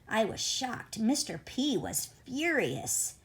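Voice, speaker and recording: A woman reads a first-person novel aloud for an audiobook. Her medium-pitched voice is expressive and moderately paced, and her delivery feels conversational, wry and reflective.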